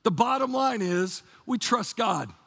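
A man's voice: very high-pitched, expressive, unhurried, vocal fry, a bit bright, husky. A man preaching a sermon to his church, fervent and casual, repeating "man" and restarting his phrases. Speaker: pastor.

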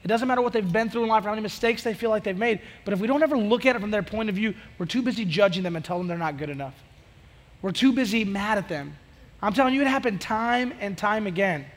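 A youth pastor man preaches with a quick, high voice, chatty and full of energy. He slips into acted snippets of conversation as he talks. His voice rings out with the long reverb of a church hall. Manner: energetic, conversational, acts out dialogue. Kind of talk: sermon.

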